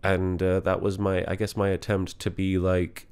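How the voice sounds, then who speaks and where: A man talking candidly and reflectively in a confessional vlog, in a halting way. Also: deep voice, completely flat delivery, a little mellow, clear, resonant tone. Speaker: vlogger.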